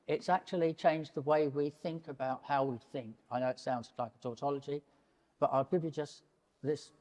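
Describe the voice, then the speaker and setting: An older man in his seventies, a painter speaking to an audience in a public talk, animated and digressive and often breaking off mid-sentence. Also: fairly high pitch, moderate pace. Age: 70s. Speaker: painter and prize winner, interviewee. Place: large gallery hall, in front of an audience. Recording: long hall reverb in a gallery.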